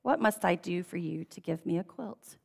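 A woman's voice: fairly low pitch, moderate pace, creaky. A woman reading a storybook aloud and voicing a greedy, fretful old king who wails when upset, in a long reverberant room. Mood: exasperated.

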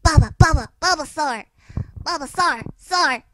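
A woman's voice: high voice, lively intonation, unhurried, sharp tone, pitched above the performer's own voice, heavily acted. A woman voicing a series of small cartoon creatures that chirp their own names. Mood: excited. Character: squeaky little cartoon creatures, excitable. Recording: hissy home recording.

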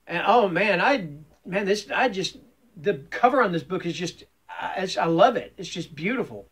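Rambling high-voiced man talking books. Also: lively intonation, normal speed, fairly bright tone, slightly rough. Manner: rambling, self-correcting, many fillers; enthusiastic. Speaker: booktube vlogger. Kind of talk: casual book tag video.

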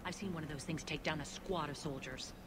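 A woman voicing a tough, steady female alien soldier in a video game, blunt and matter-of-fact. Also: low-pitched, fairly quick, background noise, close to an everyday voice. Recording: loud game sound effects behind.

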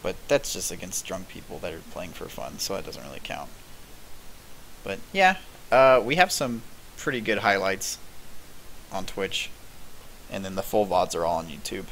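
Man in his twenties, game streamer, rambling casual chat, fillers and swearing, lowish voice, bright and punchy tone. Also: very animated, moderate pace, vocal fry, long pauses, slight background noise. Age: 20s. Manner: rambling and laid-back, lots of fillers, swears.

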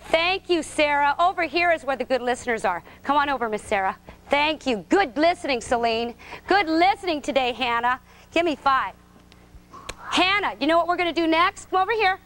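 A woman's voice: sits high, lively intonation, moderate pace, a bit bright. A woman coaching a preschool gymnastics class, giving short, sing-song, encouraging directions to small children in a gym. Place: indoor gym.

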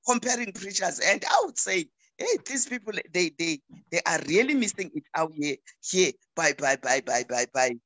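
A woman's voice: on the low side, very animated, normal speed, hardly any pauses, fairly bright tone. A middle-aged South African woman, a pastor speaking as a talk show guest over a video call, preaching emphatically and often repeating words as she restarts.

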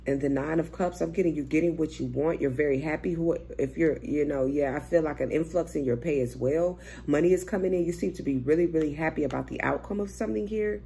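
A woman's voice: sits low, fast talker, gravelly, hardly any pauses, dark tone. A young woman doing a casual, chatty tarot reading, swearing freely and thinking aloud as she turns cards. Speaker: tarot reader.

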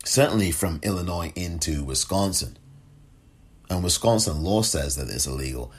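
Podcast host, male: deep and husky, impassioned and indignant, wide expressive swings. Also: moderate pace. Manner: mocking impersonations of others. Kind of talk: solo political commentary.

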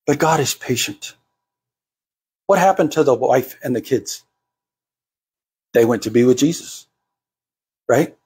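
A man's voice: medium pitch, darkish tone, slightly rough. A man preaching to a congregation, acting out the voices of the people he quotes. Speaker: pastor. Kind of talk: sermon.

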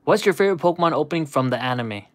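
A man's voice: on the high side, lively intonation, very fast, no room sound, clean studio sound. A man hosting a livestream, chatting casually and nostalgically with viewers, rambling and saying "dude" a lot. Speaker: livestream host. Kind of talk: casual chat with live viewers.

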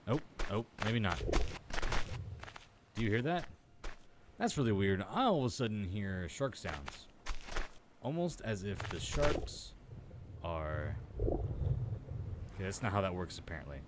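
Excitable man narrating his own gameplay. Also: lowish voice, a little slow, long pauses, heavy background noise. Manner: chatty, excitable, talks to himself. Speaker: gaming video host. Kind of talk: let's play commentary.

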